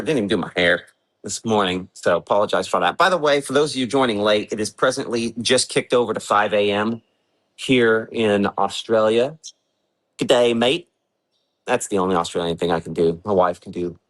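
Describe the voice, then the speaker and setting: Casual low-voiced male weather forecaster. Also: a bit bright, low-quality recording. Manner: casual, thinks aloud with fillers while working the maps. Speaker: weather forecaster hosting a livestream. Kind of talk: live severe weather briefing. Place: home in the early morning.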